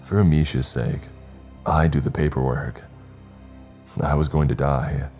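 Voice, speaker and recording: A man with an extremely deep, dark, mellow voice narrates a scripted horror story. He tells it in a measured, dramatic way, with faint music running underneath. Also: fairly even intonation. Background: faint background music.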